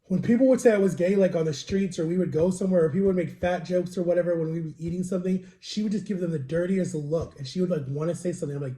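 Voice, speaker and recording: A man's voice: sits high, fast talker, few pauses, dark tone. A man rambling through a personal story in a casual vlog, in a confiding way. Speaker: vlogger. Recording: roomy, echoey home recording.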